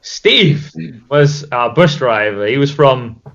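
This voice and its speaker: A man from the Netherlands, a band's drummer, telling tour stories in an animated way and laughing often over a video call. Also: medium pitch, takes it slowly. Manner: animated storyteller, acts out quotes, laughs a lot. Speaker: metal drummer in the band. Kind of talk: casual chat. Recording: dull lo-fi sound.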